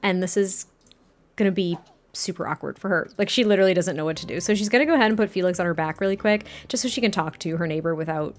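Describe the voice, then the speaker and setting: A woman's voice: fairly low pitch, quick pace. A woman casually narrating her life-sim gameplay, giggly and rambling with lots of fillers. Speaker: life-sim game YouTuber. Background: faint background music.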